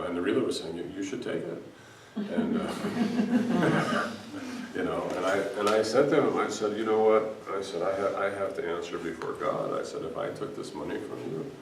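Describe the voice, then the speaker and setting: A man's voice: low-pitched, a little hiss or hum. A man giving an earnest spiritual talk to a gathering as a Sufi teacher, telling stories with many restarts. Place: hall in front of an audience. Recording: echoey room, voice from a distance.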